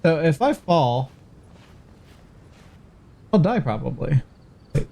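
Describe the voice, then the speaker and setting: A man streaming a game and chatting with friends, excitable, yelping and pleading when his character is in danger. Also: a little high, slow, vocal fry. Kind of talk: casual let's play chat.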